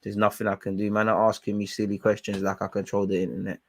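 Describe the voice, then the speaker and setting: A young man streaming a football watchalong, shouting at players and slipping into slang as he grows frustrated. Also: fairly low pitch, completely flat delivery, quick pace. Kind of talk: live match reaction commentary.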